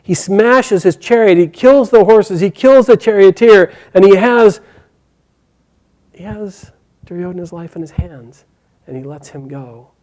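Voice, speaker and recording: A male storyteller retells an epic tale with lively, animated energy and casual fillers. His voice sits fairly high and has a warm, mellow tone. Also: measured pace. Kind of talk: oral storytelling.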